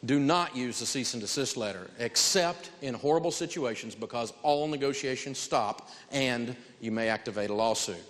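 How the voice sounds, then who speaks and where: A man's voice: medium pitch, moderate pace, few pauses, fairly bright tone, big-room sound. A man teaching personal finance to an audience, blunt, emphatic and folksy. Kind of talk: lecturing an audience.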